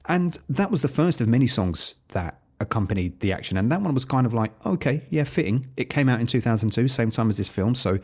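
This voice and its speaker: A man's voice: mid-range voice, lively intonation, fast, hardly any pauses, darkish tone, breathy edge. A man hosting a film podcast, giving a wry, opinionated solo review with sarcastic asides. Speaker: podcast host reviewing films.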